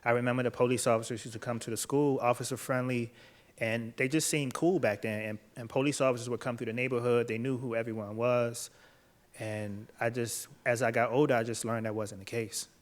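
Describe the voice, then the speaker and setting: A man's voice: mid-range voice, flat delivery. Earnest man telling his story. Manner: earnest, measured, quiet at emotional moments. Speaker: author and speaker. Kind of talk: personal storytelling talk, then interview answers. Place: event stage before a live audience.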